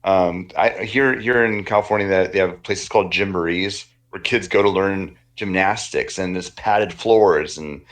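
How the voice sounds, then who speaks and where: Male podcast host, low voice, casual, asks curious follow-up questions. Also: measured pace, few pauses, fairly bright tone. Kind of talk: casual interview chat.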